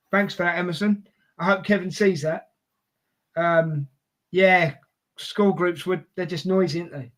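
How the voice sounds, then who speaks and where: A man's voice: sits high, fairly even intonation, a little slow, pauses often. A man with a London accent co-hosting a live football watchalong, chatting casually and reading out viewer messages. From Scotland.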